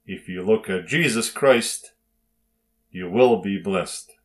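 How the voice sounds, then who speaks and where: Slow, measured male Bible teacher. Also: deep voice. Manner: slow, emphatic reading with dramatic pauses. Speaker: preacher. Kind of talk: devotional Bible reading and sermon.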